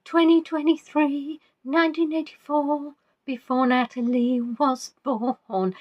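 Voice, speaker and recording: A woman hosts a relaxed live quiz, chatting playfully and reading out viewers' guesses. She speaks at an unhurried pace in a slightly high voice. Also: lo-fi sound. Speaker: quiz host. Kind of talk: casual live-stream quiz chat.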